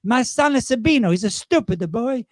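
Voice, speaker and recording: Brash, loud old Boston widow, put on by a man, high and gossipy, comic character voice. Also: animated, normal speed, dry recording, studio quality. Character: chain-smoking old widow from East Boston.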